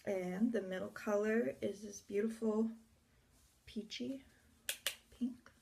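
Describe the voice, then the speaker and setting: A woman's voice: mid-range voice, slow, gravelly, dark tone. A woman chatting through a makeup tutorial at home in front of her mirror, rambling with offhand asides and muttered whispers. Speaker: beauty vlogger.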